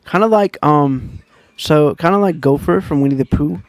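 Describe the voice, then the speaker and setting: A man's voice: fairly high pitch, normal speed, dry recording. A man giving a casual book review, retelling the plot in a rambling, loose and conversational way.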